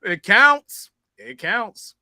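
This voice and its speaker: A man co-hosting a podcast, chatting playfully and cutting in quickly. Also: high-pitched, lively intonation, bright, forceful tone, no echo, clean studio sound. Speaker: podcast co-host. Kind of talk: casual comedic chat.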